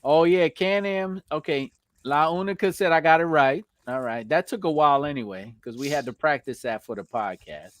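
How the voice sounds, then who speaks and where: A man's voice: fairly high pitch, moderate pace. New York man hosting a live stream. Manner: laid-back, shout-outs to viewers, laughs often. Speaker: host.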